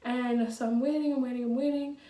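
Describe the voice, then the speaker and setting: A woman's voice: fairly high pitch, steady tone, brisk, warm tone, distant mic. A young adult woman vlogger telling a casual storytime, chatty and blunt, with lots of fillers and swearing. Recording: echoey room, from off the mic.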